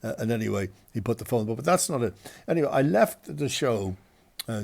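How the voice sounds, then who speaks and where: A man's voice: mid-range voice, vocal fry, a little mellow, breathy edge. A male radio host telling embarrassing stories in a chatty, self-deprecating, rambling way. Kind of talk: anecdotal storytelling.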